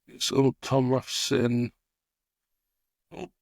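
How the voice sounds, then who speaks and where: A man's voice: medium pitch, monotone, slow, vocal fry, no room sound, studio quality. A man co-hosting a casual darts podcast, easygoing and a little self-deprecating, sometimes stumbling over names. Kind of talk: casual chat.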